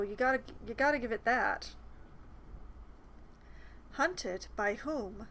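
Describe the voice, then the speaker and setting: A woman's voice: fairly high pitch, takes it slowly, pauses often, a bit bright, a little hiss or hum, rough recording. A woman streaming a role-playing game, chatting and reading the dialogue choices aloud. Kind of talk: casual gameplay commentary.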